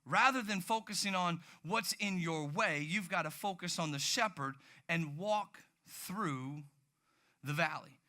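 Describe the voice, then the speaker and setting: A man preaching a sermon, telling stories in an animated way with sudden loud outbursts. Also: sits high, a little slow. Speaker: pastor.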